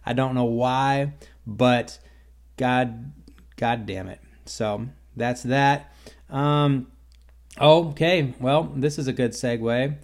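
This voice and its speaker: A man talks on his own in a loose, rambling way, dropping dry sarcastic asides. His voice sits at a middle pitch, neither high nor low. He hosts the show alone. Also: steady tone, takes it slowly, vocal fry. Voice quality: stutters on his own name at times. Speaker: podcast host. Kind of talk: casual solo monologue.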